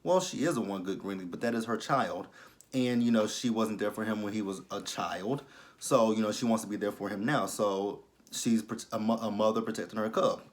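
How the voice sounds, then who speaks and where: A man's voice: fairly low pitch, fairly quick. A man recapping a TV episode in a blunt, exasperated, rambling way, full of fillers. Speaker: TV episode reviewer. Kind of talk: casual recap vlog.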